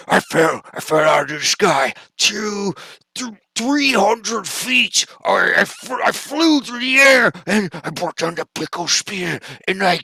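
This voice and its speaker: A man's voice: high voice, gravelly, pushed and bright, slightly rough, dry recording, pitched above the performer's own voice, heavily acted. A man voicing an overexcited young male warrior who stammers and gushes breathlessly.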